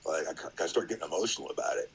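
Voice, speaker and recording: A man's voice: a bass voice, rapid-fire, breathy edge, rough recording. A middle-aged man, a podcast guest, telling a story in a rambling, casual way, full of fillers and acted-out quotes.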